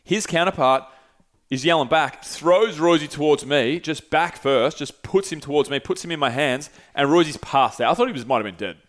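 Brief: young guy, lively storyteller, loose and profane, podcast host. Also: fairly high pitch, moderate pace. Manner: animated, swears freely, acts out quoted voices. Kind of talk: casual storytelling.

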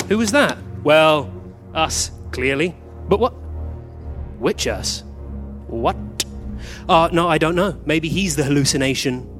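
A man acts out a flustered time traveller from a live stage comedy, speaking. His voice sits a little high and swings up and down with lively energy. He bickers in quick, confused exchanges. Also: soft background music. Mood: confused, bickering. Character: flustered male time traveller meeting copies of himself. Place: theatre stage, recorded live.

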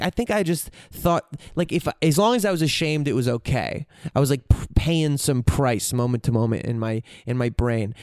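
Candid man talking, smooth dry voice. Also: on the high side, a little mellow, no room sound. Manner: candid, profane, searching for words. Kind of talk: reflective casual monologue.

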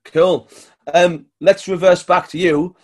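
An enthusiastic man with a Northern English accent hosts a casual podcast chat. His voice sits a little high for a man, and he talks in an upbeat, friendly way. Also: steady tone, slow pace, a little mellow. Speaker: podcast host. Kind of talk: casual interview.

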